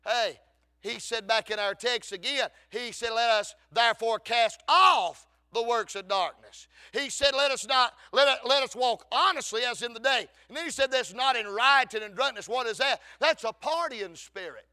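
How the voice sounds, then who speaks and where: A man, preaching a fervent Baptist sermon with shouted lines and frequent calls of amen. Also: extremely high pitch, normal speed, hardly any pauses. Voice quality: gravelly.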